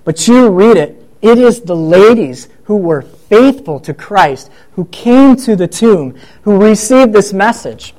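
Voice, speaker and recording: A high-voiced man preaching in a relaxed, conversational way. He retells the story and slips into the voices of the people in it as he goes. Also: takes it slowly, few pauses, poor audio. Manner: conversational, acts out quoted voices. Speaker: pastor. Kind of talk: sermon.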